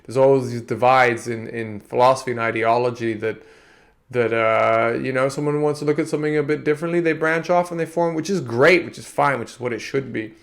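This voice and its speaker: A man's voice: medium pitch, steady tone, fairly quick, vocal fry. A man from Antigua with an American-tinged accent, talking through his ideas in a meandering, reflective podcast monologue. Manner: meandering, restarts often. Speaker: podcast host.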